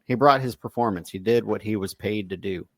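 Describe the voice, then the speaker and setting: A man with a lowish voice speaks casually as a podcast co-host, agreeable and steady. The sound is dry and close, with no room around it. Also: a little fast, no echo. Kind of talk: casual film chat.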